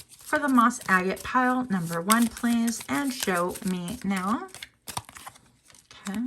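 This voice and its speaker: A woman giving a casual tarot reading, chatty and musing aloud with fillers and self-corrections, now and then jumping into a high voice to quote people. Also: lively intonation, takes it slowly, a bit bright, slight background noise. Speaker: tarot reader.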